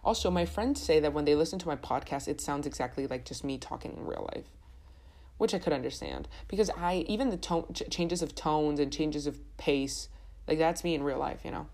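A woman's voice: low-pitched, fairly quick, darkish tone. A young woman hosting her own podcast, chatting casually and rambling with lots of restarts. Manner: rambling, chatty, self-correcting. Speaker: podcast host. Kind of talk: casual solo podcast chat.

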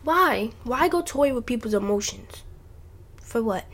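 A woman's voice: fairly high pitch, animated, a little slow, a bit bright. A woman hosting a casual advice talk from home, earnest and heartfelt, rambling with restarts. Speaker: podcast host. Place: home with family noise nearby.

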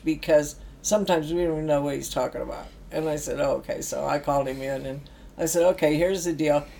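A woman's voice: sits low, vocal fry, mellow. A middle-aged woman telling stories in casual chat, acting out quotes and laughing often. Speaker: guest telling stories about work with youth.

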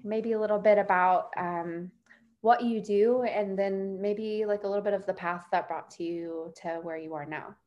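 A woman's voice: mid-range voice, steady tone, moderate pace, lo-fi sound. A woman hosting a podcast in a casual, chatty way, full of fillers and self-deprecating laughs. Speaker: podcast host.

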